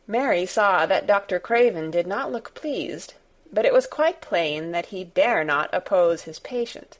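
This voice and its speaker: A woman's voice: lowish voice, animated, a little slow. Woman narrating an audiobook. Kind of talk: scripted narration.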